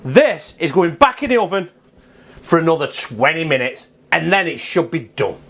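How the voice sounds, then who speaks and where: A man's voice: a little high, expressive, normal speed, a bit bright, a little hiss or hum. A man chatting casually and swearing freely while he cooks in his own video, rambling off topic and joking as he goes. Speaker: home cook vlogger. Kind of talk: casual cooking vlog.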